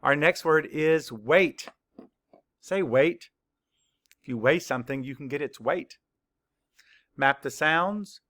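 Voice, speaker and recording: A man teaching a children's spelling lesson, spelling words slowly, letter by letter, with clear, patient instructions. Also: on the high side, animated, a bit bright. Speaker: third-grade teacher.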